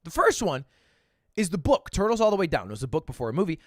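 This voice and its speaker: A man in his twenties, a streamer telling a story in casual chat, animated and swearing, with sudden bursts of loud laughter. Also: a little high, quick pace, dry recording, studio quality. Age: 20s.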